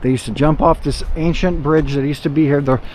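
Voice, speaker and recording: A casual hiking vlogger from Ohio, a man whose voice sits a little higher than usual, chats and rambles as he walks an outdoor river trail. He reacts out loud to what he sees, quick with surprised exclamations. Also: steady tone, slight background noise. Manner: chatty, rambling, easily surprised. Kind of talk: casual outdoor vlog narration.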